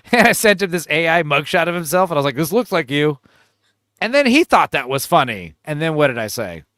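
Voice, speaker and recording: Crude, rambling man with a lively voice. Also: on the high side, fairly quick, no room sound, clean studio sound. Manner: crude, rambling, joking storyteller. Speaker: livestream host. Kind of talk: casual livestream chat.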